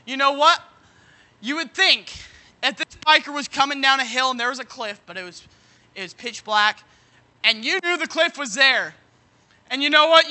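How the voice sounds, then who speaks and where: A man preaching a sermon, leaning on folksy everyday examples and asking "you know what?" again and again, now and then breaking into shouts. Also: very high-pitched, moderate pace, long pauses. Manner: bursts into shouting at moments.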